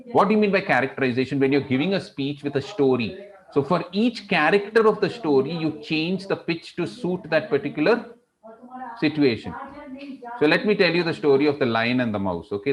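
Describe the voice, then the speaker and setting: A middle-aged man teaching public speaking in a classroom, shifting his pace and pitch to demonstrate. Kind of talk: classroom lecture.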